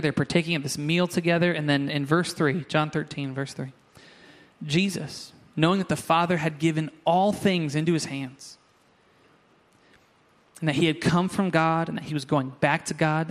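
High-voiced pastor preaching. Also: male voice. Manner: lively, joking asides to the congregation. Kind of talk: sermon. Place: church sanctuary.

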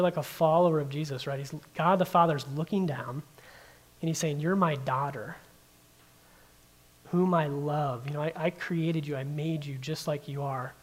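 A man's voice: fairly high pitch, fairly bright tone. Casual, filler-heavy young male pastor. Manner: conversational, heavy use of "like" fillers. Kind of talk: casual sermon. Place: in front of a room of listeners.

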